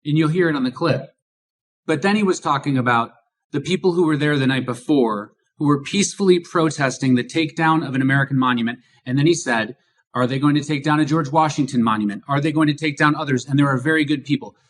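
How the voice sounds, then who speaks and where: A man's voice: fairly high pitch, fast. A man co-hosting a political podcast, talking emphatically and asking rhetorical questions. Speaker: podcast co-host. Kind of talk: political commentary.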